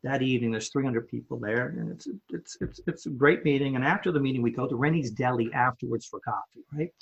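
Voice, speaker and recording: A man who owns a home improvement company, telling a story in a podcast interview with animated delivery, often repeating words as he builds it up. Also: mid-range voice, quick pace, gravelly, slightly rough, highs cut off.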